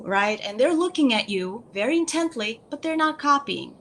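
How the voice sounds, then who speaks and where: A woman's voice: on the high side, animated, moderate pace. A woman explaining speech activities for young children to parents, patient and repetitive, checking in with "okay?" after each point. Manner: patient, repeats key points, frequent "okay?" check-ins. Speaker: speech therapist guest. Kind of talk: instructional talk to parents.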